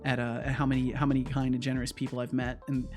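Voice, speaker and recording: A man's voice: medium pitch, monotone, quick pace, over music. A man chatting casually on his livestream, often stammering and repeating words. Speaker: streamer and game developer. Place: home.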